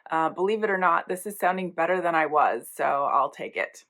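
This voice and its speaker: A woman hosting a casual knitting podcast, her voice gravelly and hoarse as she recovers from an illness, chatting along with plenty of ums. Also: on the low side, fairly quick, fairly bright tone. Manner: chatty, rambling, many ums. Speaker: podcast host.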